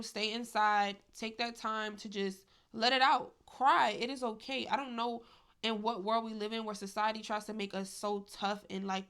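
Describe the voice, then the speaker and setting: A woman's voice: mid-range voice, creaky, a bit bright. A young adult woman talking candidly to her viewers in a casual vlog, emphatic and chatty, saying "y'all" and "like" often. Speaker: vlogger.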